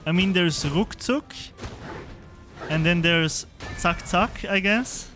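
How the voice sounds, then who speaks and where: Chatty young man, unhurried. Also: sits high, music in the background. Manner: chatty, laughs often, answers chat. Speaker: streamer. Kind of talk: live game-stream commentary.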